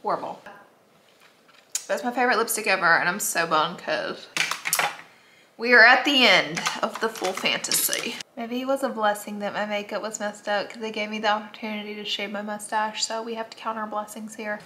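A woman in her thirties with a medium-pitched voice chats candidly through her makeup routine at a mirror at home, addressing the camera in a casual beauty vlog. She speaks at a moderate pace, says "like" a lot, and there's background noise.

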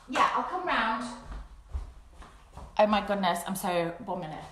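A woman leading a live craft session for young children at home, talking gently and encouragingly. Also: medium pitch, expressive, measured pace, heavy background noise. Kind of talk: live-streamed play-along craft session. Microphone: phone camera. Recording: echoey room at home.

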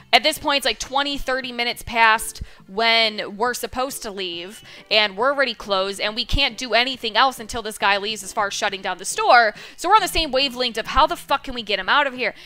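A woman telling an exasperated, swear-heavy story about a slow customer at her retail job. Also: a little high, sharp tone. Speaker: streamer telling a work story. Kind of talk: casual storytelling rant.

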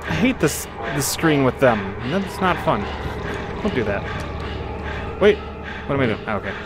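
A man's voice: mid-range voice, a little slow, loud music behind the voice. Joking man commenting on gameplay. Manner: jokey, excitable when fighting. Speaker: let's play host.

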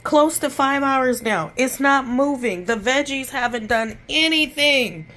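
A woman's voice: high-pitched, expressive, a little slow, fairly bright tone. A woman chatting bluntly in a casual home vlog from her kitchen, swearing freely and talking with her lips barely open. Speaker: vlogger.

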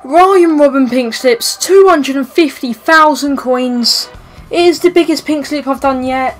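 A young woman giving excitable gameplay commentary, swearing, pleading and shouting at the match as it unfolds. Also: high voice, a little slow, soft background music. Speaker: gaming YouTuber.

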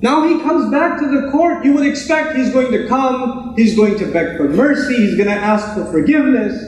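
A man's voice: very high voice, normal speed, darkish tone. A man giving a Friday sermon in a mosque, telling a story conversationally and acting out quotes. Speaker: preacher. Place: mosque prayer hall. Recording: echoey hall, mic at distance.

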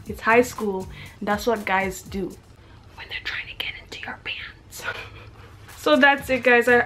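A woman's voice: medium pitch, a bit bright. A young woman reading her teenage diary aloud, breaking off for chatty, self-mocking asides and frequent giggles. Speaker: vlogger.

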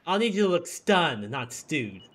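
Man doing a haughty vain bride, condescending tone, tart delivery, lively pitch. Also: a little slow, exaggerated voice.

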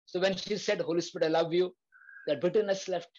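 A man's voice: high-pitched, steady tone, fairly quick, a little mellow, highs cut off. A man leading a Bible study, preaching earnestly with repeated phrases and frequent fillers. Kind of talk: preaching to a prayer group.

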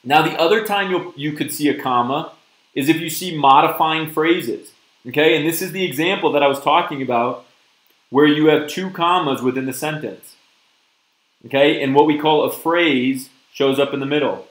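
A man's voice: fairly high pitch, moderate pace, a bit bright, echoey room, poor audio. A man teaching a live-streamed test prep lesson, upbeat and often checking in with "okay?" and "right?". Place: virtual classroom stream.

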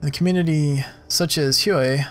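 A man voicing a polite, cultured male rigger with a faint Russian accent, speaking courteously with a quiet edge of menace. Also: on the high side, moderate pace, soft background music, close to an everyday voice.

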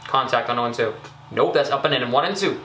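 A young man casually commenting on his own gameplay, chatty and excitable, scolding himself with frequent ums and uhs. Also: mid-range voice, fast, reverberant, slight background noise. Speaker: gaming YouTuber.

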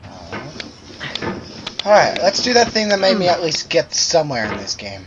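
A man's voice: a little high, big pitch swings, moderate pace. A man giving gameplay commentary, exclaiming and pleading with the game in exasperation. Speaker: gamer. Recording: dull lo-fi mic with loud noise and clicks.

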